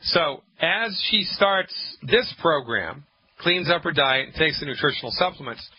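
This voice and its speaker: Man on health call-in radio, bit high voice, emphatic and jokey, lo-fi broadcast sound. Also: expressive, measured pace. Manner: emphatic, jokey, rants with mock-angry acted quotes. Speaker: radio host, naturopath.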